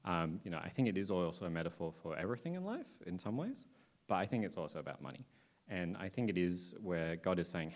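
A man with a very low voice gives a relaxed Bible talk to a group gathered in a room. He speaks loosely and informally, filling pauses with plenty of ums as he paraphrases the story. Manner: casual, many filler ums, loosely paraphrasing. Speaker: church speaker. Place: indoor room with listeners.

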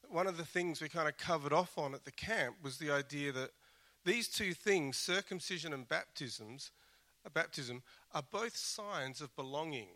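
Male pastor preaching, bright forceful tone, earnest and chatty with frequent restarts. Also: on the high side, expressive, normal speed. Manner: earnest, conversational with self-deprecating asides. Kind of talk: sermon.

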